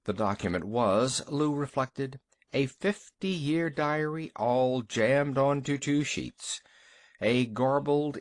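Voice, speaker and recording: A man narrating a short story for an audiobook in an expressive storytelling manner. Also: mid-range voice, slow.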